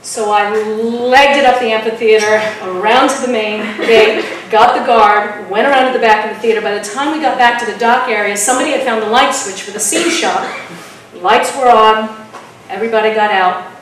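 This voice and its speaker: A woman telling a spooky story at an open mic, dramatic and dropping to a hush at tense moments. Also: fairly high pitch, moderate pace. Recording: echoey room from far off.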